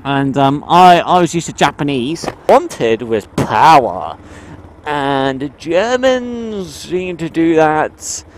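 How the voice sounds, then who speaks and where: British man, casual vlog talk, lively swooping voice, swears a lot, faint noise behind. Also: slow pace. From United Kingdom. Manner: animated, swearing, jumps between high and low pitch. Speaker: motovlogger.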